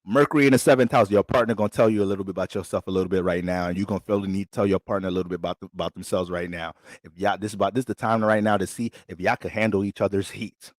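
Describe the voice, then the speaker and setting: A man with a lowish voice delivers a casual astrology forecast, blunt and streetwise, with profanity all through. The sound is dry and close, with no room echo. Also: fairly even intonation, racing. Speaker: astrologer giving a sign reading.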